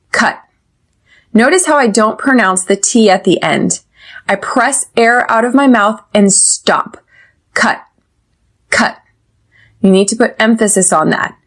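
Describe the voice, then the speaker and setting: Slow, clear American woman teaching English. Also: medium pitch, poor audio. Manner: slow, clear drills with laughs. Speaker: English teacher and podcast host. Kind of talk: scripted teaching.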